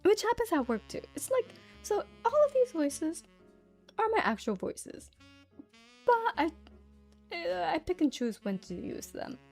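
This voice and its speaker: A woman's voice: very high voice, big pitch swings, unhurried, creaky, a little mellow, faint music behind. A woman streamer chatting casually with her viewers, giggly and full of fillers.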